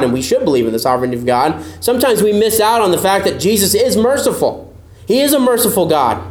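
A man preaching a sermon as pastor, earnest and emphatic, sometimes acting out doubting listeners in a higher voice. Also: echoey room.

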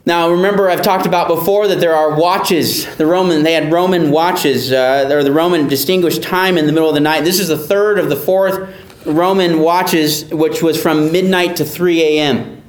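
A man delivers an expository sermon in an earnest, emphatic manner. His voice sits high for a man. He repeats key phrases for emphasis, and the sound carries a roomy echo. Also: steady tone, moderate pace. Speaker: pastor.

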